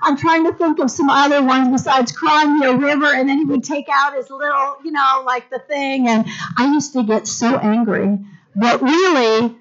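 Brief: middle-aged female Bible teacher, animated sermon delivery, slightly high voice, lo-fi muffled audio. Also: moderate pace. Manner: animated, calls for congregation responses. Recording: dull lo-fi recording.

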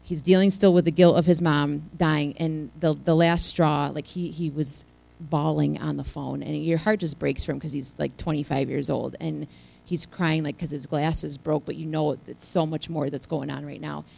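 A woman telling a heartfelt personal testimony to a church congregation, her delivery swinging from hushed to loud. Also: deep voice, fairly even intonation, moderate pace, creaky, poor audio. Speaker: church speaker sharing a testimony.

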